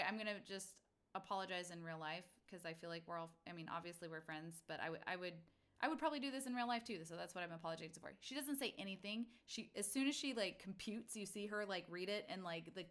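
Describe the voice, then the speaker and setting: A woman playing a tabletop game, describing her character's actions in an excitable, rambling way, swearing freely. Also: medium pitch. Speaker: player. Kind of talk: casual tabletop role-play.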